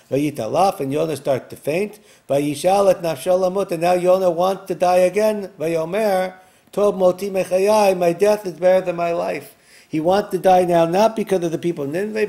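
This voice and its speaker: A man's voice: fairly high pitch, warm tone. A man teaching a Bible lesson who reads each Hebrew verse aloud and then translates and explains it line by line. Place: recorded for an online class video.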